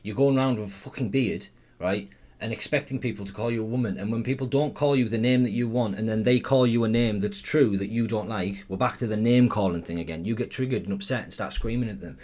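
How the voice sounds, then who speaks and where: A man's voice: fairly low pitch, fast, a little mellow. A man giving blunt, profane, sarcastic running commentary. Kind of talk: ranting commentary.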